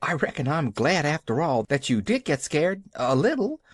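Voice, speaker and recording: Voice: medium pitch, very animated, moderate pace, breathy edge, no echo, studio quality, pitched above the performer's own voice. A reader voicing an eager, cheerful little orphan girl. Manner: bright, eager, upbeat.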